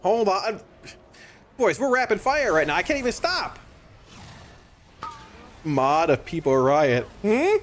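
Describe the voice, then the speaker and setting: A man streaming a game live, talking casually to his viewers, excitable and stammering, often repeating himself. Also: high-pitched, slow pace, pauses often, slight background noise.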